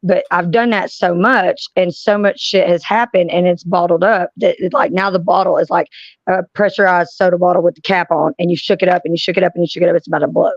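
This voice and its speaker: A woman's voice: lowish voice, fairly even intonation, fast, no room sound. Woman, blunt, profane, casual panel chat, dry muffled sound.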